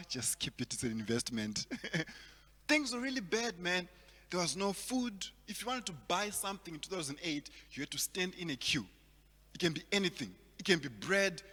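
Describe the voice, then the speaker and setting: A man from Zimbabwe performing a stand-up comedy set, telling stories and acting out the people in them with big jumps in loudness. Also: high-pitched, normal speed. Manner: animated storytelling, acts out characters with big swings in loudness. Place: large hall at a virtual event. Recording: long hall reverb.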